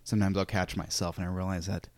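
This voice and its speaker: Male podcast host, lowish voice, easygoing, joking asides. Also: level tone, fast talker, a little mellow. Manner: easygoing, joking asides, many short agreements. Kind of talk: casual chat.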